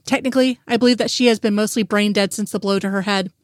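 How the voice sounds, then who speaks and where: A woman voicing a male doctor who delivers grave news in a measured way, raising her pitch slightly. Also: fairly even intonation, no room sound, studio quality, close to an everyday voice. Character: male doctor, calm and clinical.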